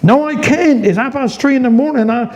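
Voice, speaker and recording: A man's voice: very high voice, fairly quick, darkish tone, reverberant, pitched above the performer's own voice. A man with a Cornish accent playing a sleepy, indignant husband who has been roused out of bed. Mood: grumpy.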